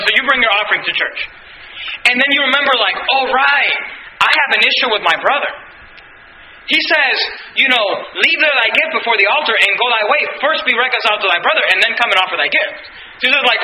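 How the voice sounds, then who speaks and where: Man preaching, very high voice, emphatic, echoey church room. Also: slight background noise. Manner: emphatic, rising to near-shouts when stressing points. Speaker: pastor. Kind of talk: verse-by-verse sermon.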